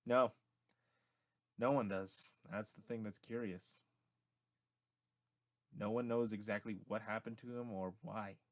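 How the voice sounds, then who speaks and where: A wary young college roommate who talks in a flat monotone, as a man plays him, his voice lowish. He sounds guarded and cautious, a character in a homemade audiobook. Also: slow pace, pauses often.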